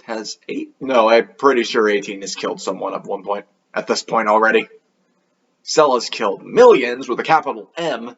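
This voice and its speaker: A man's voice: fairly low pitch, normal speed, vocal fry, fairly bright tone, slightly rough, muffled recording. A man hosting an anime review video, talking in a casual, offhand, rambling way with a sarcastic edge.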